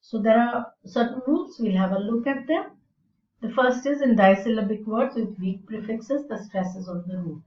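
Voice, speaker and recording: A woman teaching English in a slow, deliberate lecture, explaining with fillers. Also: fairly high pitch. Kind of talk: recorded lecture. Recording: roomy and distant, dull sound.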